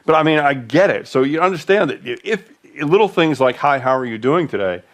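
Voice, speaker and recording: A man's voice: a little high, animated, fairly quick. A man co-hosting a casual talk, telling loose, filler-heavy travel stories. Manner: rambling, filler-heavy storytelling. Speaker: podcast co-host. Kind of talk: casual conversational chat.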